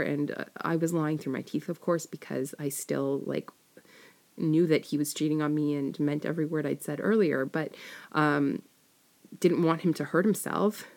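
Woman, low voice, casual confessional storytelling, rambling, lots of fillers, corrects herself. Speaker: storyteller sharing a personal experience.

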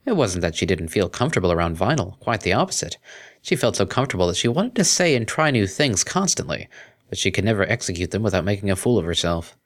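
A man narrating a fan fiction story aloud in an expressive storytelling manner. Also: low-pitched, fast. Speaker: story reader.

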